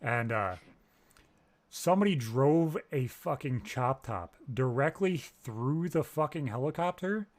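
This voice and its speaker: A man's voice: medium pitch, expressive, unhurried. Blunt, foul-mouthed man on a podcast. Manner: blunt, heavy swearing. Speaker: podcast co-host. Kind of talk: casual chat.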